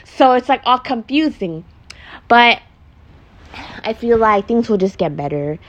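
A young vlogger, pregnant and emotional, confides casually on her makeup podcast at a measured pace, her voice fairly high and expressive. She swears freely and says "like" a lot, and the recording is muffled.

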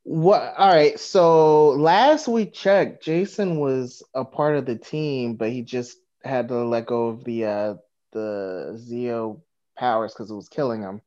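A woman chatting casually on a podcast, jumping in with expressive questions. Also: extremely low pitch, takes it slowly, dull audio. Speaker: podcast co-host. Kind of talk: casual chat.

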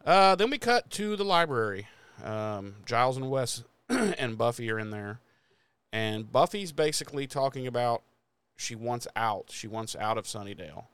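A man's voice: mid-range voice, sing-song, moderate pace, fairly bright tone, smooth, no room sound. Casual, profane man recapping a show. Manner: profane, laughing, acts out lines from the show. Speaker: podcast co-host. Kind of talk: casual chat recapping a TV episode.

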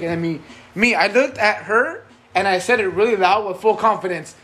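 High-voiced young man telling a rambling story. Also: fairly quick, a bit bright, poor audio. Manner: rambling storyteller, swears and laughs often. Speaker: podcast co-host. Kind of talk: casual chat.

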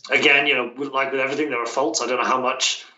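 Interview guest: British male language coach. Thoughtful and self-correcting. Bright tone, recorded off-mic in an echoey room. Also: mid-range voice, fairly even intonation, rapid-fire, far from the mic, muffled recording. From Britain. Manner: thoughtful, many restarts and hedges. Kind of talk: casual interview conversation.

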